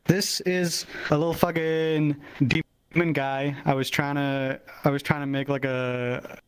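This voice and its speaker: A man's voice: fairly high pitch, flat delivery, a little slow, clean tone, poor audio. A man casually showing off avatars he made, rambling, restarting his sentences and swearing often. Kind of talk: casual show-and-tell.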